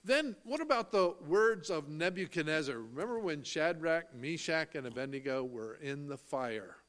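His voice a little high, lively in intonation and fairly bright, a man preaches, reading scripture in old-fashioned wording and explaining it. He speaks slowly with emphasis, stresses key phrases, and questions his listeners before supplying the answers.

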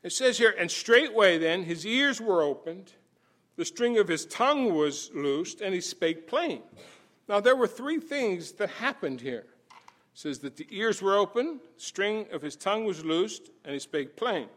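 A man with a high voice preaches a sermon in an animated way. He chuckles as he tells the story and exclaims with emphasis. His delivery swings between hushed stretches and loud ones. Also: unhurried. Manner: shifts between soft and loud passages.

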